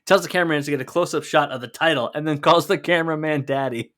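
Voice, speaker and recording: A man's voice: on the high side, fast, fairly bright tone. A man co-hosting a wrestling podcast, chatting casually and joking as he recaps matches. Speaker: podcast co-host.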